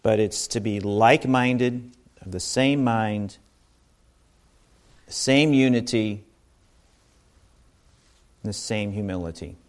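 A man's voice: lowish voice, slow, pauses often. A man giving an informal sermon to a congregation, talking conversationally with asides and restarts. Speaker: bible teacher.

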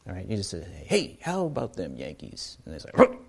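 A man's voice: sits low, wildly swooping pitch, brisk, gravelly, husky. A man giving an informal sermon to a congregation, talking conversationally with asides and restarts. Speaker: bible teacher.

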